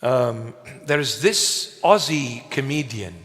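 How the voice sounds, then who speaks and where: Slow, emphatic preaching man in echoing hall. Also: medium pitch, lively intonation, a bit bright. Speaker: bishop. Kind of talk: sermon. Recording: long reverb of a large hall.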